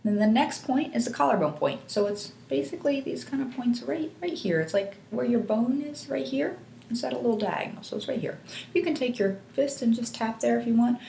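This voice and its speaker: Calm woman teaching in an echoey room. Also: on the high side, fairly quick, vocal fry, a little hiss or hum. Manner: calm, patient step-by-step guidance. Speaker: EFT tapping instructor. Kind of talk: guided instructional demonstration.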